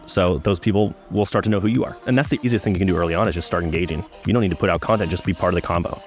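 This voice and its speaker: Fast-talking deep-voiced joking man. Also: faint music behind. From Atlanta, US. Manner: fast, joking, profane, self-mocking. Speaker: podcast guest, comedian. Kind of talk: casual interview storytelling.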